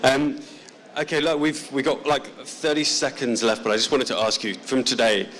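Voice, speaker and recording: A man hosting a live showcase session, talking in a brisk, informal way with fillers as he introduces speakers. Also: mid-range voice, fairly even intonation, a bit bright. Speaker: session host.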